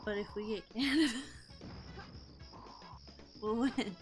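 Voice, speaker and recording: A woman's voice: a little high, slow pace. A young woman co-hosting a live stream, chatting casually, laughing often and thinking aloud. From United States. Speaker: streamer co-host. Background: game music.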